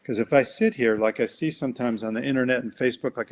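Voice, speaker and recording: A man coaching through a webinar, telling an animated, folksy story and acting out voices along the way. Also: mid-range voice, a little fast, few pauses. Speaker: coach and presenter. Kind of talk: webinar talk with a demonstration. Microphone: webinar mic.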